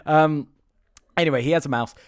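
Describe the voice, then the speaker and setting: Male podcast co-host, slightly high voice, rambling casual recap, prone to loud disbelieving outbursts. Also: a little fast, no room sound, clean studio sound. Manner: rambling, bursts into loud incredulous exclamations. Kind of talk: casual chat recapping a film.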